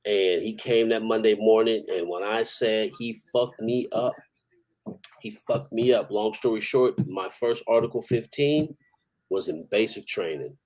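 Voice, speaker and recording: A man who served in the army tells rambling, profane stories in a casual way, chuckling from time to time. He speaks unhurriedly in a fairly low, darkish voice, and the recording is low quality.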